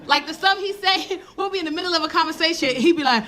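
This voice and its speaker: A middle-aged woman performing a stand-up set with brash, profane, animated storytelling. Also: very high voice, quick pace, hardly any pauses. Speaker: stand-up comedian. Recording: live room with noisy crowd.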